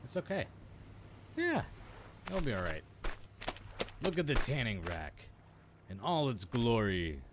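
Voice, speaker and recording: Excitable man narrating his own gameplay. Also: mid-range voice, a little slow, pauses often, noisy background. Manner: chatty, excitable, talks to himself. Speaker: gaming video host. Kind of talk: let's play commentary.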